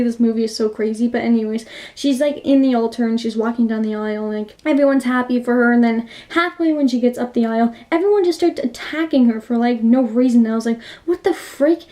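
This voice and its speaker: A woman casually retelling a movie's plot for a review, excitable and rambling, with lots of 'like' fillers. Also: on the high side.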